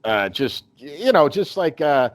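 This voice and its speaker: A man's voice: a little high, very animated, unhurried, no echo. A man hosting a podcast in casual chat, rambling with many restarts and fillers. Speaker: podcast host.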